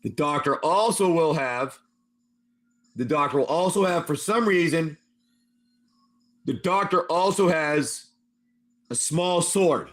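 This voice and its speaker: A man game master narrates a wasteland tabletop adventure on a stream. He talks in a loose, rambling way with plenty of asides and calls on his players by name. His voice sits slightly high for a man. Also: animated, slow pace, long pauses.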